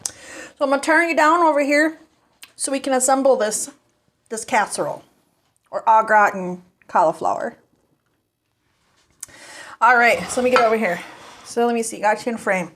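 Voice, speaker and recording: A woman's voice: a little high, moderate pace, pauses often, fairly bright tone. A woman vlogger chatting casually to her phone camera while cooking in her home kitchen, folksy and easygoing.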